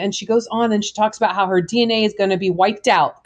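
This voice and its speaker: A woman co-host chats on a radio show, her voice sitting at an ordinary middle pitch. She tells stories with exasperation, slipping into mimicked voices of people she finds ridiculous. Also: fast talker, few pauses. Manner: animated, exasperated storytelling with mimicked quotes. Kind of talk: casual political chat.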